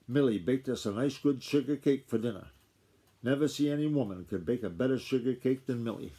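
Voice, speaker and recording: A man voicing a gruff old farmer grandfather, speaking in a rustic drawl that swings from blustery to gentle. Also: mid-range voice, brisk, lightly acted. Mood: hearty. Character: gruff old male farmer grandfather, country dialect, impatient.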